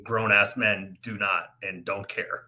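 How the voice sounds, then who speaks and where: A man co-hosting a casual sports podcast, blunt and quick to push back. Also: on the low side, fairly even intonation, sharp tone. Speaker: podcast co-host. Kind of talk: casual chat.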